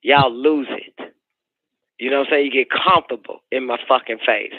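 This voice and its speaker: A man's voice: mid-range voice, fairly even intonation, normal speed, dry recording. A man hosting a call-in radio show, delivering a profane, preachy monologue and repeating his points. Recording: dry, narrow phone-like sound.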